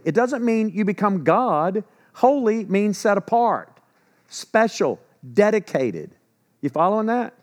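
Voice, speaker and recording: A man preaching a sermon in an animated way, with sarcastic humor and quiet asides when telling stories. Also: sits high, measured pace. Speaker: pastor.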